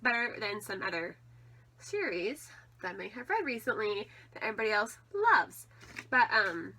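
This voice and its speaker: A woman's voice: mid-range voice, sing-song, normal speed, sharp tone. A young adult woman chatting casually about books as a vlogger, rambling with lots of likes and ums. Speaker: book vlogger. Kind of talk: casual vlog chat.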